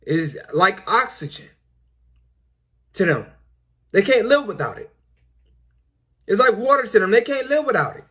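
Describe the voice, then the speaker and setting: Young male host, high voice, preachy and repetitive, filler-heavy casual monologue. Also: big pitch swings, moderate pace, long pauses, a bit bright, breathy edge. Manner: repetitive, preachy, lots of "you know" fillers. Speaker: commentary video host.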